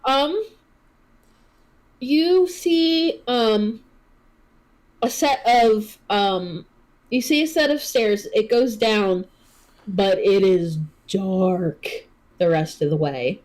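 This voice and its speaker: A woman running a tabletop game as game master, describing scenes with many fillers and pauses. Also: medium pitch, a little mellow, rough recording.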